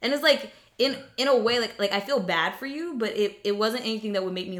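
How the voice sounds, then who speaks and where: A woman's voice: on the high side, animated, quick pace, few pauses, a bit bright. A young woman talking casually and reflectively about faith, with many fillers and restarts.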